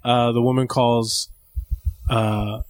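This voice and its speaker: A man co-hosting a podcast in casual chat, cracking jokes and chiming in with quick remarks. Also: mid-range voice, little pitch movement, smooth. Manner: joking, quick interjections. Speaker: podcast co-host.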